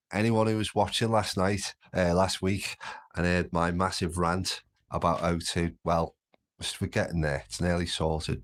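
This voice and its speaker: A man from Birkenhead with a Merseyside accent, chatting casually and rambling on his home livestream. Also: deep voice. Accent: Merseyside (Scouse-like). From Birkenhead, England. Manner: rambling, chatty, easily sidetracked. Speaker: livestream host.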